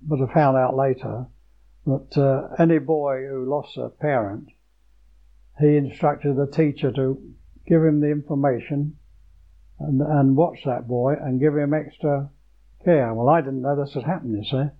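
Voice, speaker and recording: An older man from Croydon recalling his school days in a halting oral history telling, with many restarts and fillers. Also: medium pitch, steady tone. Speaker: former pupil. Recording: dull lo-fi recording.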